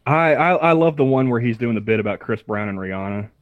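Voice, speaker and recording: A man's voice: mid-range voice, animated, fast, no echo, dull audio. A man in a casual group chat, hesitant and often repeating his words.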